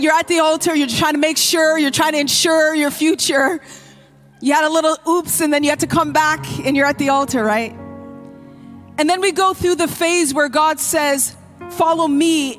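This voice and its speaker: Woman pastor preaching in church, high voice, acts out prayers, soft music under it. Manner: impassioned preaching, acting out prayers. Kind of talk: sermon.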